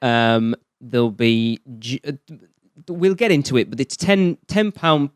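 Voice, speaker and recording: Chatty northern English podcast host. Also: male voice, mid-range voice, unhurried, smooth, no room sound, studio quality. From northern England. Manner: chatty, jokey, self-deprecating. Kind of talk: casual chat.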